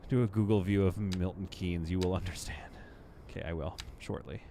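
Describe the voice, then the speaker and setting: A man's voice: low-pitched, steady tone, fairly quick, dark tone, slight background noise. A man streaming live gameplay, chatting casually to his viewers and to the game as he builds. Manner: chatty, talks to the game and to chat, playful asides.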